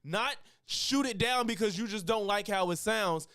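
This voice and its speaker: High-voiced, animated male streamer. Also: normal speed, clean tone, dry recording, clean studio sound. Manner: animated, thinks aloud, uses slang. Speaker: streamer reacting to a podcast. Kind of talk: casual reaction commentary.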